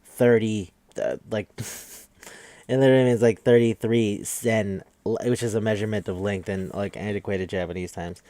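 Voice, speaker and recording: A man's voice: on the low side, steady tone, moderate pace, warm tone, no room sound. A man hosting a podcast, giving a casual, rambling, profane recap of an anime with wry asides. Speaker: podcast host.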